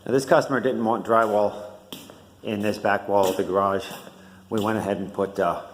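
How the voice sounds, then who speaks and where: A man's voice: on the low side, steady tone, normal speed, slight background noise. A man who builds homes, narrating a walking tour of a new house in a casual, explanatory way, with frequent filler words. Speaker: home builder. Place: at a newly built house, outside then indoors.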